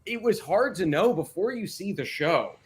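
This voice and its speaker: An American man telling stories in a casual livestream chat, laughing often and talking with lively energy. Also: high-pitched, moderate pace, a little hiss or hum. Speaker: cast member on a livestream.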